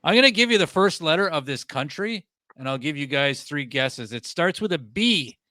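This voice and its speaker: Bright-voiced Canadian podcast host. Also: male voice, a little high, normal speed, no echo, studio quality. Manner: laughs often, excitable. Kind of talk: casual comedy podcast chat.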